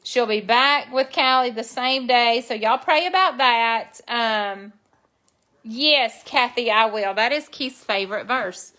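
A woman's voice: fairly high pitch, slow pace, sharp tone. A woman chats casually into her phone during a live stream. Her speech is folksy and soothing, meant to reassure. She sounds like she's talking to close family and friends.

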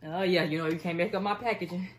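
This makeup vlogger records her unboxing on a phone camera, chatting casually and excitedly while she gushes, laughs, and says things twice. She has a lowish voice with a steady tone and talks fast, with a little hiss or hum in the background.

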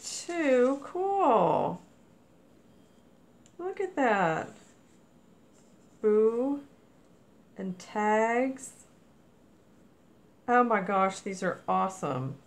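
A woman's voice: mid-range voice, very animated, very slow, long pauses. A woman narrating a craft mail unboxing in a casual, gushing way, exclaiming often over each item. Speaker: crafting vlogger.

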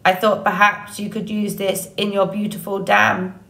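A woman voicing a calm, polite female robot who speaks slowly and evenly in a storybook reading. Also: mid-range voice, creaky, echoey room. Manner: slow, even, deliberate delivery.

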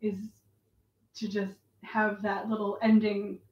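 A woman's voice: mid-range voice, completely flat delivery, slow. A woman co-hosting a casual livestream chat, giggly and passing along viewers' messages. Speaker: co-host. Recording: distant, roomy, muffled audio.

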